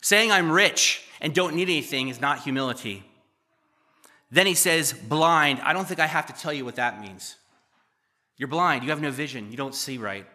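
A middle-aged man preaching a sermon as pastor, conversational and joking, asking the church questions and swinging between loud emphasis and quiet asides. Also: on the high side, moderate pace. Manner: conversational, asks the congregation questions.

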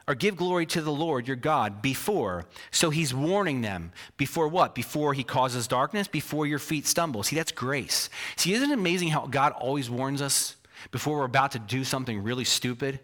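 A man's voice: mid-range voice, a bit bright. A man preaching a sermon as pastor, emphatic, with frequent rhetorical questions and self-deprecating asides.

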